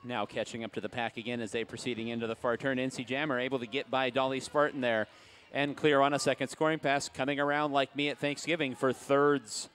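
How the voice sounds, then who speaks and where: A man's voice: medium pitch, little pitch movement, a little fast, fairly bright tone, slight background noise. A man announcing a roller derby bout live, chatty with asides and jokes, calling out to the crowd. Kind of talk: live sports commentary.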